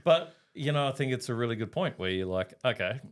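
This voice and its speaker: A man's voice: mid-range voice, animated, brisk, clear, resonant tone. A man co-hosting a podcast, talking earnestly and reflectively in casual chat. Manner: earnest, reflective, laughs easily. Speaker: podcast co-host.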